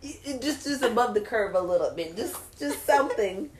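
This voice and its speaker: A woman's voice: fairly high pitch, a little fast, echoey room, low-quality recording. A woman from Texas co-hosting a podcast, telling stories with laughs and putting on her dad's voice. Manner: laughing storyteller, lively impressions of her dad. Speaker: podcast co-host. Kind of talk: casual chat.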